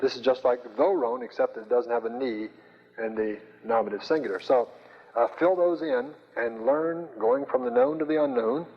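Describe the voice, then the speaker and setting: An older man teaching a Greek class, speaking slowly with many fillers and restarts. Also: mid-range voice, animated, vocal fry, slightly rough. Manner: slow, hesitant, many fillers. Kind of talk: classroom lecture. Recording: dull, roomy lecture recording.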